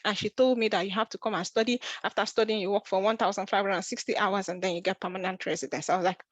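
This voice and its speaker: A woman's voice: medium pitch, fast, few pauses, no room sound. A woman, telling a personal story in a casual vlog, earnest and emotional, often restarting her sentences. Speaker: vlogger.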